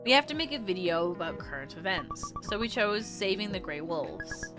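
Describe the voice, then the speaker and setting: A woman's voice: medium pitch, wildly swooping pitch, normal speed. A woman reading a friendly teenage schoolgirl. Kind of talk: reading a visual novel aloud on stream. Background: game music.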